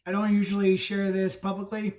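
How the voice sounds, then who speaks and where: Brief: energetic male summit host, roomy echo, sounds set back from the mic. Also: high voice, fairly quick. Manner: enthusiastic, emphatic pep talk. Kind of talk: live video call talk. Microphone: video call. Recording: echoey room, distant from the mic.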